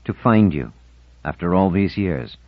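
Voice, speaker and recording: A man's voice: low-pitched, expressive, a little slow, dry recording, lo-fi sound. A man reading an audiobook, voicing an earnest, yearning father who speaks in a pleading way.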